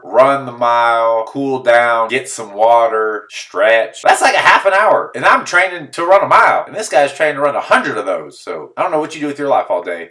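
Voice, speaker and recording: A man in a middle register spins a comedic monologue, piling on disbelief and jumping into little acted-out quotes. His voice sounds a touch distant from the microphone. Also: medium pitch. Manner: animated, exaggerated disbelief, acts out quoted voices.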